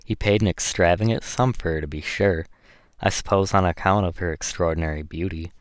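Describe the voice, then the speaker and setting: Earnest young gentleman, read by a deep-voiced man. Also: a little fast, no echo, studio quality, close to an everyday voice.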